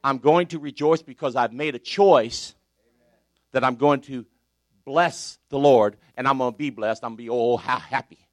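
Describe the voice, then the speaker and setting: An older man preaching a sermon, animated and exclaiming with laughter and praise. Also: mid-range voice, normal speed, dry recording.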